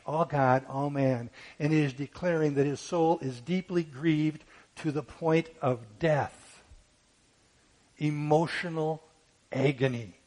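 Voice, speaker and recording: A man preaching a sermon who rises to loud, fervent peaks when quoting scripture and fires off rhetorical questions. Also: medium pitch, slightly rough, poor audio. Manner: asks rapid rhetorical questions.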